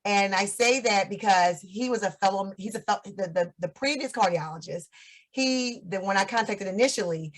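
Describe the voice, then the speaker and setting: Woman, 50s, interview guest, chatty storyteller who laughs a lot, medium pitch. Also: moderate pace, rough recording.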